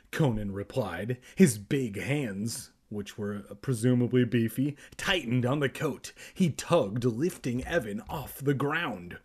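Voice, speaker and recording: A young man reads a kids' book aloud for a comedy podcast and keeps breaking off for self-deprecating jokes. His husky voice is unhurried but swings widely in pitch. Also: lively intonation. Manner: jokey, self-deprecating asides. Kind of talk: comedic book reading with asides.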